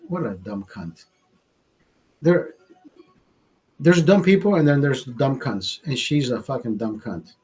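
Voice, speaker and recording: Profane ranting husky-voiced man. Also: fairly high pitch, darkish tone, low-quality recording. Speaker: livestream host. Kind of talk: ranting storytime monologue.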